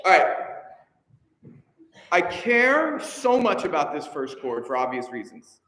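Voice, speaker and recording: A man's voice: a little high, big pitch swings, a bit bright. A man conducting a choir rehearsal, giving encouraging instructions between counts in a large hall. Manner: encouraging, coaching, quick asides between counts. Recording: echoey hall, heard from a distance. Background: choir and instruments playing.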